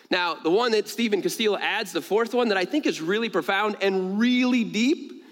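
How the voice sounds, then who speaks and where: A man preaching a sermon to his congregation, animated, jumping higher in pitch to stress a point and laughing between stories. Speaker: pastor. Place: church sanctuary. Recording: long reverb of a large church hall.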